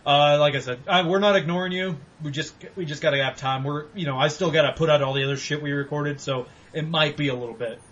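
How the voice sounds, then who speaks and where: A man co-hosting a casual gaming podcast, talking animatedly, swearing and mock-yelling at games. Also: a little high, fairly even intonation, fast, hardly any pauses, dull audio. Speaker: podcast co-host.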